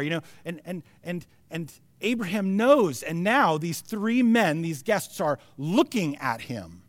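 A man in his forties preaches in a loose, joking, conversational way, often restarting his phrases. His voice sits fairly high for a man. The sound is dry, with no room echo. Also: expressive, moderate pace, few pauses. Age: 40s. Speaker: pastor. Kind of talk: sermon.

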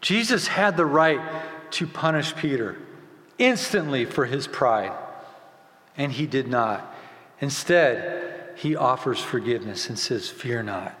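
A man preaching a sermon as pastor, swinging from loud emphasis to hushed, quiet lines. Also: mid-range voice, lively intonation, slow pace, pauses often. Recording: echoey hall with long reverb.

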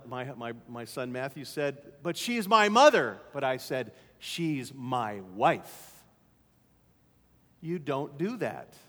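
Middle-aged male pastor, high voice, emphatic sermon delivery, long church-hall reverb. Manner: emphatic preaching, repeats key phrases, drops to soft asides.

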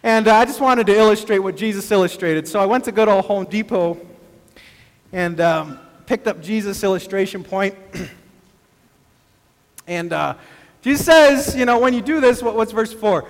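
Guy pastor preaching, super high voice, chatty with little acted bits, big echoey church. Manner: conversational, with asides and quick acted-out quotes. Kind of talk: sermon. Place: church sanctuary. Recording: long reverb of a large hall.

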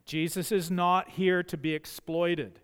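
A man's voice: high voice, flat delivery, measured pace, smooth. An older man preaching a sermon as pastor, emphatic and repeating key phrases for effect. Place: church sanctuary. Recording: long hall reverb.

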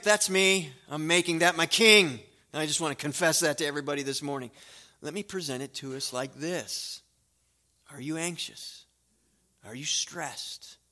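A middle-aged pastor with a bright, forceful voice that sits a touch high for a man. He preaches in a conversational way, speaking directly to the congregation and moving from near-whispered asides to ringing, emphatic lines. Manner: swings from hushed asides to loud, emphatic declarations. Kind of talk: sermon.

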